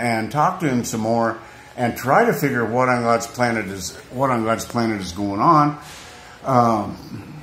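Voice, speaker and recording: A man's voice: mid-range voice, a bit bright. A man vlogging off the cuff, earnest and rambling, often restarting and repeating his phrases. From United States. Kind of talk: emotional unscripted vlog rant. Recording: echoey room, faint background noise.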